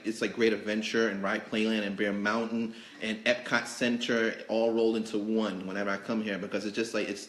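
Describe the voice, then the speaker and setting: A man hosting a casual live interview in a store, effusive and emotional, with bursts of excited chatter. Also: roomy sound, a little hiss or hum. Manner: excitable, effusive, emotional, jumps into high mock voices. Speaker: host. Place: cake supply store.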